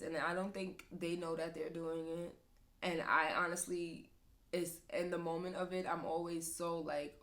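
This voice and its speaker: A young woman with a lowish, slightly bright voice hosts a podcast and speaks candidly and emotionally about motherhood, laughing often. She is a mother of two sons, and the talk is open and personal.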